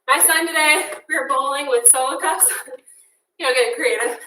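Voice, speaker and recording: A woman's voice: sits high, measured pace, long pauses, sharp tone, a little hiss or hum. Breathless, chatty woman coaching a workout. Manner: upbeat, chatty, counting down reps. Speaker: fitness instructor. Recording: echoey room from a distance.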